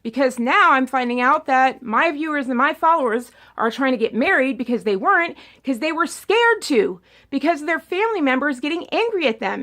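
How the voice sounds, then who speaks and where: A young adult woman vlogger talking politics in a rambling, animated monologue that often repeats words. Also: sits high, moderate pace, few pauses. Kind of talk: casual opinion monologue.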